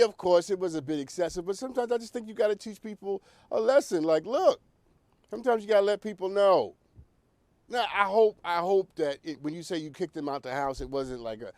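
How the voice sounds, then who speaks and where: A man hosting an advice show, talking straight to the viewer in a preachy, animated way. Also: a little high, no echo. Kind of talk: direct-to-camera advice talk.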